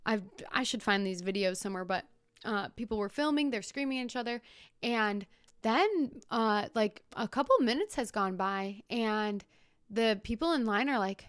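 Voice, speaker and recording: A young woman hosting a podcast, retelling a story in a casual, animated way with whispered asides. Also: a little high, moderate pace, clean tone, no echo, studio quality. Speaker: podcast host.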